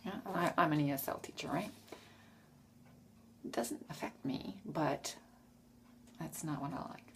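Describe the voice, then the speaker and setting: Low, gravelly woman vlogger. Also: moderate pace, a little hiss or hum. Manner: frank, self-correcting, trails off. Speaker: vlogger answering tag questions. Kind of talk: casual rambling monologue.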